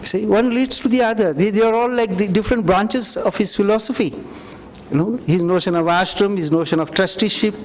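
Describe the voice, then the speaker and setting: A man's voice: sits high, slight background noise. A man giving a university lecture, reflective and conversational, often saying "you know". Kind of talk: university lecture with audience questions. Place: lecture hall. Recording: reverberant hall.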